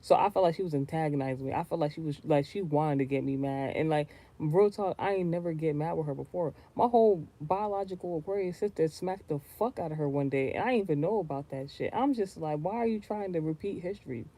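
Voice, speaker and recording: A man venting in a casual, rambling rant, profane and animated, with lots of restarts and sudden loud high outbursts. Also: quick pace, few pauses. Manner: swings between low mutters and loud high outbursts. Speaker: vlogger.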